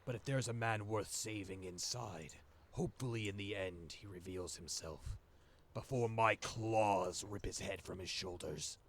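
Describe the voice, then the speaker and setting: A man acting as game master, voicing a grave, protective shape-changer chieftain in a tabletop game with a slow, solemn manner. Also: lowish voice. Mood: grim.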